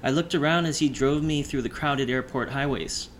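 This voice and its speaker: Male audiobook narrator, measured. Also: mid-range voice, fairly bright tone, a little hiss or hum. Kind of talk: first-person audiobook narration.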